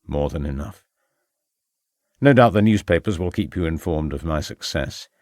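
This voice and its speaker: A man voicing a shadowy male conspirator who speaks in short, clipped, quiet lines. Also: a bass voice, expressive, moderate pace, dry recording, clean studio sound, voice pushed down. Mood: cold, curt. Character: shadowy man who takes a secret commission, cold and curt.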